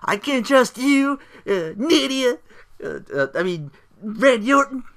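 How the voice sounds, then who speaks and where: Guy doing a pissed off southern wrestler, way higher voice, sputtering and cussing. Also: slow pace, gravelly, pushed and bright, exaggerated voice. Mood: angry ranting. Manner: snarling, sputtering. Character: angry Southern male wrestler, cursing.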